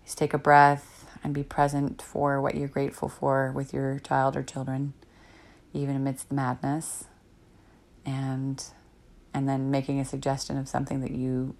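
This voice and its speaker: A woman in her thirties speaks at an extremely low pitch with vocal fry while hosting a parenting podcast on her own. She rambles reflectively in a casual way, leaning on many fillers.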